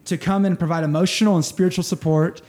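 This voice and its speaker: A man telling stories as an interview guest, in an eager, halting way with many restarts. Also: high voice, fairly even intonation, darkish tone. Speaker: missionary guest. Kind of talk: interview storytelling.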